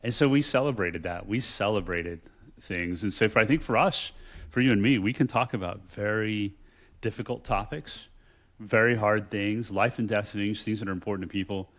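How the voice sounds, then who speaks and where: A middle-aged man from Texas co-hosts a casual chat in a low voice. He tells family stories in a reflective way and often restarts his sentences as he goes. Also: moderate pace. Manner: warm reflective storytelling, many restarts. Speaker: podcast co-host.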